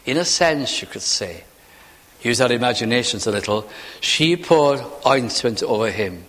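A man preaching a chapel sermon, asking repeated rhetorical questions and moving between loud and hushed delivery. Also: medium pitch, animated, moderate pace. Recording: long reverb of a large hall.

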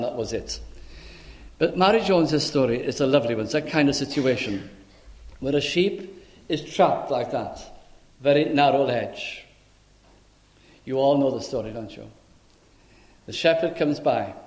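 A man preaching a sermon, telling stories earnestly with halting fillers. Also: mid-range voice, reverberant. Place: chapel.

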